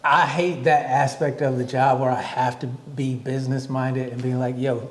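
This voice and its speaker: A man's voice: mid-range voice, flat delivery, moderate pace. A man co-hosting a podcast, telling stories from his tours in a casual, reflective way with some swearing. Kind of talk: casual chat. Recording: echoey room.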